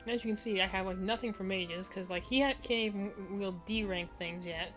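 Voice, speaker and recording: A woman's voice: medium pitch, brisk, a bit bright, soft background music. A woman streaming a video game, chatting casually with a dry, sarcastic wit. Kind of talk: casual gameplay chat.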